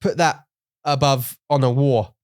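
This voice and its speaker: A man's voice: medium pitch, fairly even intonation, measured pace, smooth, dry recording, studio quality. A man, a native English speaker, co-hosting a casual bilingual podcast, playful and jokey, stumbling over his words. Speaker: podcast co-host.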